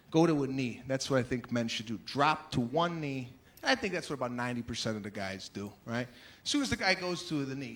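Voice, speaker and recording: A man performing a stand-up comedy set on stage, animated and acting out the people in his stories. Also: on the high side. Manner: animated, acts out characters' voices. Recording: live show with audience noise.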